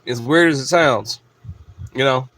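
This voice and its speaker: A man's voice: medium pitch, unhurried, fairly bright tone. A man delivering a blunt, profane, emphatic ranting monologue as a video host.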